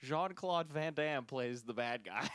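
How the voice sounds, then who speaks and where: A man's voice: mid-range voice, animated, takes it slowly, fairly bright tone, dry recording, studio quality. A man co-hosting a podcast in casual chat, easygoing and chuckling between remarks. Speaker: podcast co-host.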